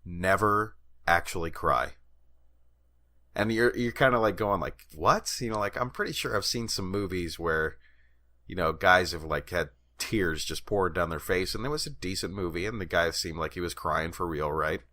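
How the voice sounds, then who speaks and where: A man's voice: low voice, normal speed, bright, forceful tone. A man co-hosting a podcast in casual chat, a rambling storyteller who laughs often and swears casually. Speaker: podcast co-host.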